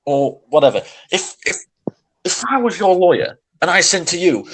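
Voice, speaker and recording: A man's voice: fairly high pitch, lively intonation, normal speed, rough recording. Agitated man ranting. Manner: agitated, ranting, many restarts and sighs. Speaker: podcast co-host. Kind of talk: casual chat.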